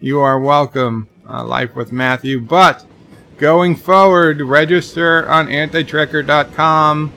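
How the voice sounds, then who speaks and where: Man, game streamer, slow talker, gravelly, bright tone, reading chat aloud, faint music behind. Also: on the high side. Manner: reads chat messages aloud in a rambling, joking way. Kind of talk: casual live-stream chat.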